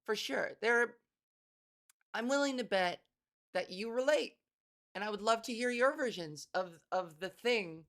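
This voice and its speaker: A woman's voice: on the high side, unhurried, long pauses, a bit bright. A woman podcast host and comedian doing a rambling, profane solo monologue. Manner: rambling, profane, self-interrupting.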